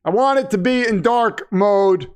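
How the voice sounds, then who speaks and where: A man hosting a live watch-party stream from a home setup, chatting casually and breaking into loud wrestling-announcer shouts. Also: high voice, unhurried, smooth. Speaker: livestream host.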